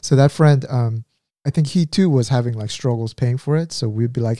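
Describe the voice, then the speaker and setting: A man telling stories in casual conversation, rambling with many fillers and breaking into quick impressions. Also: medium pitch, warm tone, no echo, clean studio sound.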